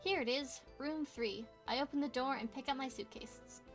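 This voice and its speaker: A young woman reading a visual novel aloud as a gamer, playful, with quick asides and exclamations. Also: sits high, faint music behind. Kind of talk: casual let's play reading with asides.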